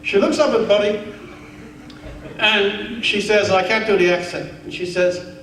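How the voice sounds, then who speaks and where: Keynote speaker, man, wry and animated orator; high voice, faint room noise behind. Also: a little slow. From Newfoundland, Canada. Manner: animated, wry, building to earnest rhetoric. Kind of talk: humorous storytelling speech. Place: large conference hall. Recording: echoey hall, heard from far off.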